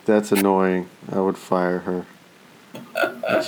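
A man's voice: fairly low pitch, measured pace, background noise. A man in his thirties in casual chat, telling stories with a lot of swearing and acted-out quotes. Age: 30s. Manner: profane, animated storytelling with voiced asides.

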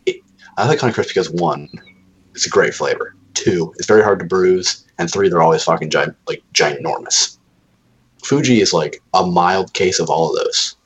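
A man's voice: low voice, moderate pace, husky, low-quality recording. A young man chatting casually as a podcast co-host, telling rambling, profane stories. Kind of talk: casual chat.

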